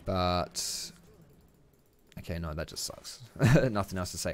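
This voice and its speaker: A young man talks through a match in a fairly low voice, rambling and cursing freely as he plays. He breaks into teasing jabs at opponents. The sound is dry and close, with no room around it. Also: lively intonation, slow pace, dry recording. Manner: chatty, sweary, teasing asides. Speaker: gameplay commentator. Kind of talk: casual gameplay commentary.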